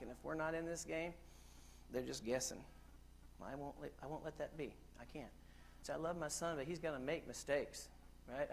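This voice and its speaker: A man's voice: a little high, slight background noise. Jokey middle-aged man giving a keynote. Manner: joking, addresses audience directly. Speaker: keynote speaker. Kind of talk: humorous conference keynote. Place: large conference hall.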